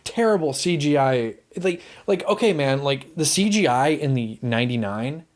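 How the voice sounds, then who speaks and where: A man co-hosting a podcast, chatting casually about movies in a rambling, animated way, swearing and acting out quotes. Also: a little high, normal speed. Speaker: podcast co-host.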